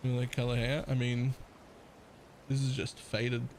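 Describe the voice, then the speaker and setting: A man's voice: mid-range voice, completely flat delivery, unhurried, a little mellow, slight background noise, low-quality recording. A man with a partly Australian accent, chatting casually as a live streamer, rambling, laughing often and swearing.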